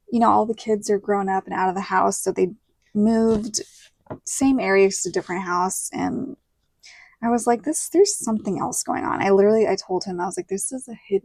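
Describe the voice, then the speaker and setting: A woman's voice: mid-range voice, darkish tone, dry recording. A woman in her thirties with a Southern American accent, chatting casually and telling a story while decorating her planner, full of quoted dialogue. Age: 30s. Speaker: planner vlogger.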